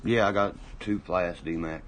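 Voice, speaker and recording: A man's voice: sits low, steady tone, unhurried, slight background noise, low-quality recording. A man hosting a casual livestream, rambling and boastful, swearing often while he drinks. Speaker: livestream host.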